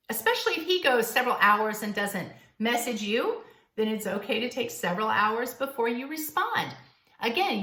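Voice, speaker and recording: A woman coaching viewers on dating in a playful, animated advice vlog. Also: fairly high pitch, echoey room. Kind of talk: direct-to-camera advice vlog.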